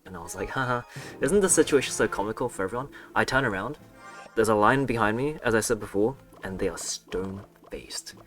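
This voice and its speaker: A man's voice: fairly low pitch, fairly bright tone. A young man telling a story in a casual, rambling way, breaking off for sarcastic gaming asides. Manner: rambling and self-mocking, with sarcastic asides and swearing. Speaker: gaming vlogger. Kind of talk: casual storytelling over gameplay commentary.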